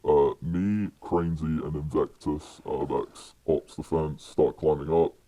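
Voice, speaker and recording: A young man with a British accent and an extremely deep voice tells a story on a podcast. His tone is dark and mellow, and his telling rambles along with many fillers and restarts. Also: fairly even intonation, measured pace, no room sound. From United Kingdom. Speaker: podcast guest. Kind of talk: casual storytelling.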